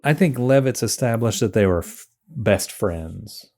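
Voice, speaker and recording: A man with a lowish, mellow voice talks through an old comic book with a co-host. He thinks aloud, circling back with fillers and small restarts. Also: animated, measured pace. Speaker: podcast co-host. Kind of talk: casual chat about comics.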